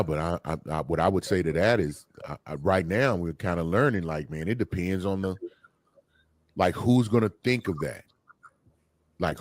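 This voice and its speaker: Brief: male podcast host, very low voice, dry close sound, lively and exclaiming. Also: dry recording. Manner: animated, exclaiming, reads out viewer comments. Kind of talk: casual podcast conversation.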